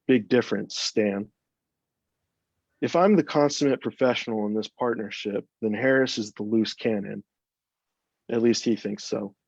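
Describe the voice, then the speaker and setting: A man, an author, reading his own first-person crime story aloud in an even, measured way. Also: mid-range voice, gravelly, husky, no echo. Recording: dull, dry, lo-fi sound.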